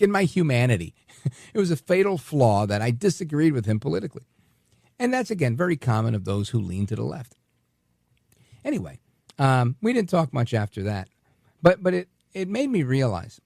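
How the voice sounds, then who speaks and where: A male talk radio host with a gravelly edge to his voice, speaking in a dry, close sound. His pitch swings widely as he tells a story in a loose, casual monologue, and he often restarts sentences by repeating his first words. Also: no echo. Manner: animated, repeats words when starting sentences.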